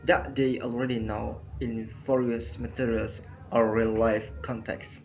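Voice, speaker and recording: Slow, halting man reading a lesson. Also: medium pitch, darkish tone, rough recording. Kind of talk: reading a lesson on compound words. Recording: faint background noise.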